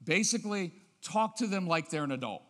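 A man giving a lively talk on parenting, often acting out parents' voices and checking with the audience. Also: high voice, brisk. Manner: lively, acts out parents' voices, keeps asking "right?". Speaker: parenting speaker. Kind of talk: animated seminar talk. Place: church auditorium. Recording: long reverb of a large hall.

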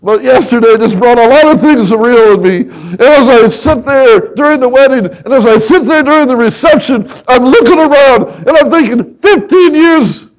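A middle-aged man preaching in a church sanctuary with a notably high voice. He is emotional, close to tears, and his delivery swings from hushed and low to loud and pleading. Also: animated, moderate pace, few pauses, low-quality recording. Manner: impassioned, swinging from soft and low to loud and urgent. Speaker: pastor. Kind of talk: sermon.

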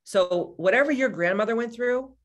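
A woman in her forties with a fairly high voice and moderate pace chats casually with live-stream viewers as a spiritual coach. She's animated, blunt, profane and candid, answering viewers by name.

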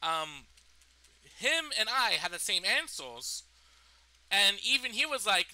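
A young man rambles through a personal story, swearing and restarting his sentences. His voice sits high and sounds very bright and sharp. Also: very animated, slow, pauses often, no room sound, low-quality recording. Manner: rambling, profane, full of fillers and restarts. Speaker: storytime vlogger. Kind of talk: casual storytime.

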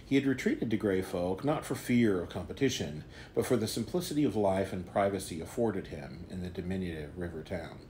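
Deep-voiced man narrating a fantasy tale. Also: a little fast, hardly any pauses, dark tone, a little hiss or hum. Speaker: author reading his own novella. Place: home during quarantine.

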